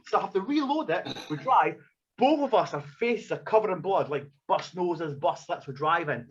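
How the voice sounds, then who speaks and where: A man's voice: sits high, a little fast, lo-fi sound, slight background noise. A man, a wrestler, tells a profane anecdote on a podcast, swearing freely and acting out the scenes. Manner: swears a lot, acts out scenes, animated storyteller. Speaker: wrestler telling a story as a podcast guest.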